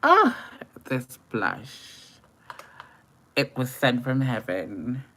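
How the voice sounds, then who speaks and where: Young female makeup streamer with a very low voice and an unhurried, playful, chatty delivery; she greets viewers by name. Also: expressive, slight background noise. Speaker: makeup livestreamer. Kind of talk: live makeup tutorial chat.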